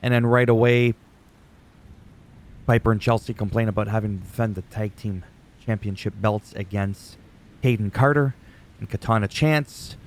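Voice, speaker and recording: A man's voice: on the low side, moderate pace, pauses often, a little hiss or hum. Rambling, offhand guy recapping wrestling. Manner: rambling, digressive, swears casually. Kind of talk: casual commentary recap.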